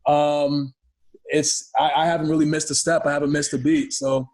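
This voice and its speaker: A man from Ghana talking as a guest on a podcast, with a fairly high voice. He tells stories with plenty of energy and slips into other people's voices as he goes. It is relaxed, casual interview chat. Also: moderate pace. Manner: lively storyteller who acts out voices.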